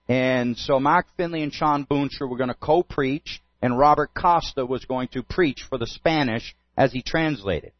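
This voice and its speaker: Earnest preacher telling a story. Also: male voice, medium pitch, no room sound. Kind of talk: sermon with storytelling. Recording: dull, dry lo-fi sound.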